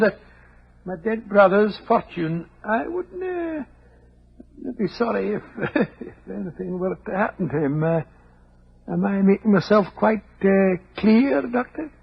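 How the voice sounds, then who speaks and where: An actor playing Dr. Watson in disguise with a put-on Scottish accent, stammering and hesitant, in a 1940s radio play. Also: male voice, high-pitched, animated, normal speed, creaky, slightly rough, exaggerated voice. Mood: scheming. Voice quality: hesitant, bumbling, full of stammers. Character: Dr. Watson posing as a Scottish guardian. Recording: dull old radio recording.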